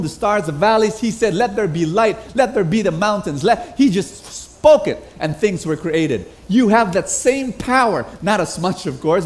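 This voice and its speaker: A Filipino man preaching a sermon, energetic, getting the congregation to repeat phrases after him. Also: sits high. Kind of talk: sermon with call and response. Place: large hall with congregation.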